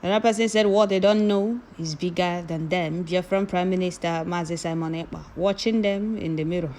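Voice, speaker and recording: A woman reading viewer comments aloud, moving from calm reading to loud scolding. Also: lowish voice, fairly quick, a little hiss or hum.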